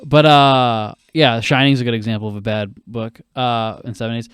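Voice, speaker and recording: A young man co-hosting a casual film podcast, talking in quick, animated bursts and swearing a lot. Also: mid-range voice, smooth, no echo, studio quality. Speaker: podcast co-host.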